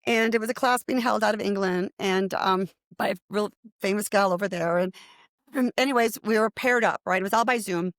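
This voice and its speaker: A woman's voice: mid-range voice, fairly quick, dry recording, clean studio sound. A middle-aged woman, a medium, telling stories as an interview guest and acting out the voices of the people she quotes. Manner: animated, acts out quoted voices in her stories. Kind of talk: conversational storytelling.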